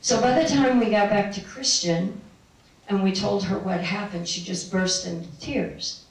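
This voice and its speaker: A woman's voice: medium pitch, unhurried. Middle-aged woman, spiritual speaker, rambling talk full of laughs, far off the mic in a very echoey room. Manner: meandering, laughing often. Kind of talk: personal storytelling talk to a live audience. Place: room with an audience.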